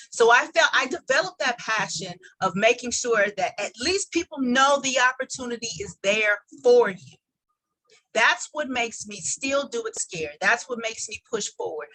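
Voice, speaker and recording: A woman's voice: a little high, pushed and bright, poor audio. A woman guest on a video call sharing her story earnestly and reflectively, often restarting her sentences. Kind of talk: personal testimony.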